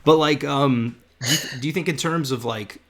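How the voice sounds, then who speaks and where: A man's voice: medium pitch, moderate pace, fairly bright tone. A man hosts a live video-call podcast in a casual, conversational tone, reading out comments. His voice sits in an ordinary middle register for a man. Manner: conversational, reads out viewer comments. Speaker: podcast host.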